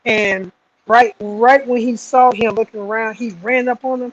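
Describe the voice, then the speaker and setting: A man's voice: extremely high pitch, moderate pace, dull audio, a little hiss or hum. A man with a Southern American accent telling a story in casual chat, acting out the voices of the people in it. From Southern United States. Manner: animated, acts out voices in stories. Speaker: guest fighter.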